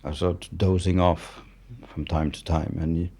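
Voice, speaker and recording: A deep, mellow, slightly rough voice with flat delivery at normal speed belongs to a French war journalist in his seventies. As a guest, he tells candid stories in accented English, bluntly and matter-of-factly, and swears freely.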